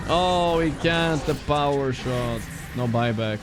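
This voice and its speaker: A young Swedish-accented man chats and commentates casually on his stream, speaking slowly at a medium pitch over music. He swears a lot, uses casual slang, and laughs at his own expense.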